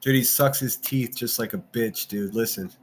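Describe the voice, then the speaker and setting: A man's voice: mid-range voice, normal speed, breathy edge. A man hosting a livestream, ranting and mocking in casual commentary and answering his chat. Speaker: livestream host.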